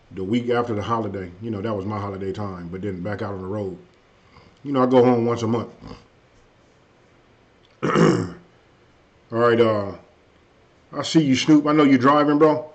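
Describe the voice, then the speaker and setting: A man hosting a casual live stream, chatting loosely with viewers and saying his energy is low tonight. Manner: loose and conversational, frequent "hey" and "you know what I mean". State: a bit under the weather, low energy. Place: at home. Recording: dull lo-fi stream audio.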